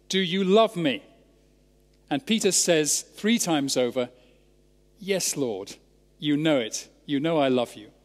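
A Scottish man preaching a sermon, expounding scripture in a measured, emphatic way. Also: fairly high pitch. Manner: measured, emphatic Bible exposition. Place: large church. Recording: church sermon with long reverb.

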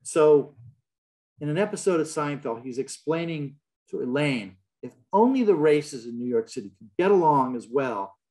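A man's voice: fairly high pitch, animated, moderate pace, a little mellow. A man giving an illustrated public lecture in a large hall, telling stories with a wry, joking manner.

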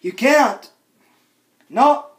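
A man vlogging an angry, repetitive rant, often shouting and scolding. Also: very high-pitched, animated, drawn-out words.

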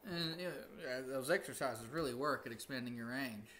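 A man's voice: mid-range voice, normal speed, a bit bright. A man teaching casually on a livestream, rambling and often breaking into sung demonstrations. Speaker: music teacher hosting a livestream.

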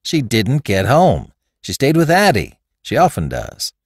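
A man's voice: mid-range voice, huge pitch swings, a little slow, no echo, clean studio sound, voice pushed up, exaggerated voice. A man voicing a brusque, evasive country woman who answers shortly in rustic speech. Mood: curt.

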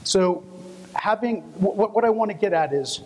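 A man's voice: high voice, expressive, moderate pace, darkish tone. A man from Texas giving a conference presentation, friendly and personal, telling stories with fillers. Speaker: conference speaker. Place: conference hall. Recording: echoey hall, long reverb.

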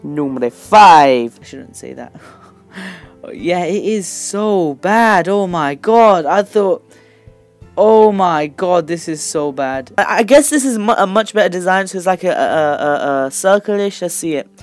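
Teen male gaming host, excitable commentary, loud squeals and quick mumbles, faint music bed. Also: high voice. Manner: shouts and squeals in excitement, then drops to quick mumbled asides.

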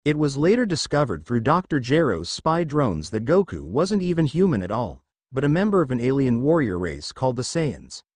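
Man reading fan fiction with lively pitch. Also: moderate pace, breathy edge, dry recording, clean studio sound. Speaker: narrator.

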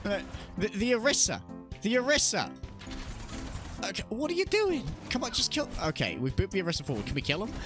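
Male commentator, sarcastic comedic voice-over, very lively pitch, music playing behind. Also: brisk. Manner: animated, sarcastic, swears and laughs often. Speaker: esports commentator. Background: background music.

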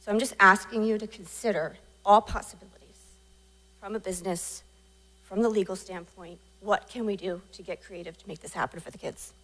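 A woman's voice: mid-range voice, steady tone, fairly quick, a bit bright, poor audio. Emotional woman pleading at public comment. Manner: emotional, earnest, voice catching. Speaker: parent association treasurer speaking at public comment. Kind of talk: public comment at a school board meeting.

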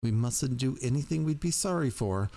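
A man's voice: mid-range voice, expressive, moderate pace, warm tone, pitched above the performer's own voice, close to an everyday voice. A man reading aloud, voicing a silver-haired older woman dean who speaks in a sweet, reproving, prim way.

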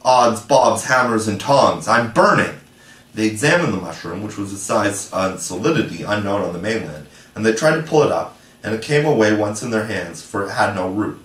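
Male audiobook narrator, low voice, distant roomy recording. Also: expressive, brisk, few pauses. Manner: storytelling reading. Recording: echoey room, from far off.

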